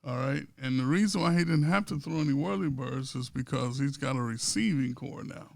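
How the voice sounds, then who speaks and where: A man, a pastor co-hosting a podcast, chatting casually about sports and politics and telling stories that build to loud punchlines. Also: mid-range voice, a little fast, gravelly, dry recording, studio quality.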